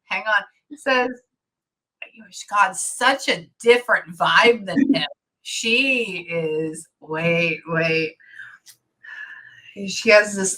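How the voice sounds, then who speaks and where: A woman with a bright, forceful voice works as a medium during a channeling session. She talks in bursts, keeps stopping herself and circles back to repeat her words. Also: mid-range voice. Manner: halting, animated, many self-interruptions. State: tearful at times. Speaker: psychic medium.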